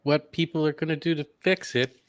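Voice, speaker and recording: A man's voice: a little high, brisk. A man co-hosting a podcast, mostly answering with brief reactions and questions. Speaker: podcast co-host. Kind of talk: casual podcast chat.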